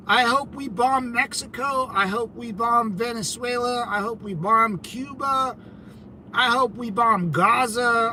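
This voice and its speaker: A man hosting a casual livestream, answering chat in a brash, combative and mocking way, with loud outbursts. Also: sits high, slight background noise, poor audio. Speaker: channel host reading live chat.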